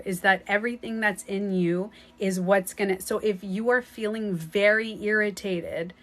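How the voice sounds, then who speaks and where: Woman giving a spiritual pep talk to her followers, blunt and emphatic, swears here and there, mid-pitched voice. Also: fairly bright tone. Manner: emphatic, blunt, swears casually, repeats herself. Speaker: spiritual and energy coach. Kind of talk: casual motivational talk to viewers.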